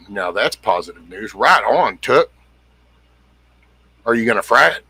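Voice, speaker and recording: Middle-aged male streamer, husky, rambling and blunt, close dry sound. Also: on the low side, expressive, measured pace, pauses often, bright, forceful tone, no room sound. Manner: rambling, blunt, swears casually, greets viewers by name. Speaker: livestream host. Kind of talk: casual livestream chat reading comments.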